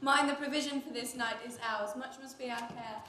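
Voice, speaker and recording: An actress playing a gentle, earnest young gentlewoman in a live stage play, speaking verse softly. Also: sits high, steady tone, fairly quick, close to an everyday voice. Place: university theatre stage. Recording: echoey stage with audible noise.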